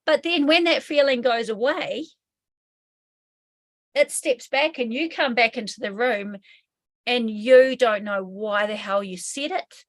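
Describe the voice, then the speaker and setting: A woman with a New Zealand accent talks through trauma as an interview guest, in a somewhat high voice. She speaks frankly and casually, drops swear words, and acts out the voices in people's heads. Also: measured pace. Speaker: hypnotherapy trainer, guest. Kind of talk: explanatory interview talk.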